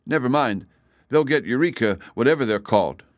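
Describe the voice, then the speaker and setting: A man's voice: medium pitch, expressive, fairly quick, no echo, clean studio sound, pitched above the performer's own voice, natural voice. A man voicing an earnest, inquisitive young girl in an audiobook reading.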